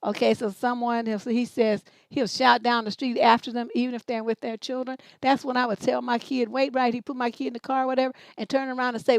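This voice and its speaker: A middle-aged woman hosts a livestream advice show, reading out viewer questions and answering them bluntly, with profanity and mockery. Her voice is fairly high and brisk, and there's no room sound.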